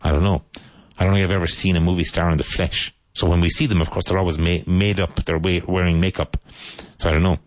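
Deep-voiced man teaching English. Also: little pitch movement, a little hiss or hum. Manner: repeats each question and answer slowly for learners. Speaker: English teacher hosting a live lesson. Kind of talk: live language lesson.

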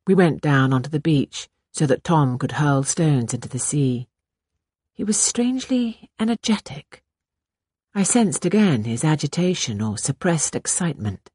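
A woman narrating a novel in the first person, in a measured, intimate reading style. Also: low voice, very animated, warm tone, husky, dry recording, clean studio sound. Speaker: audiobook narrator. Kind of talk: scripted narration.

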